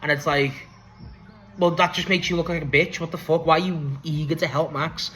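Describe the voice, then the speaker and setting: A young man casually recapping and reviewing a wrestling show, excitable, swearing freely and laughing often. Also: on the high side, a little fast, poor audio.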